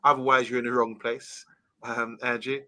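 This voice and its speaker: Casting: male co-host, very bright sound, chatty and friendly with viewers, casual football banter. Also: medium pitch, level tone, moderate pace. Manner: chatty, greets viewers by name. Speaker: livestream co-host reading comments.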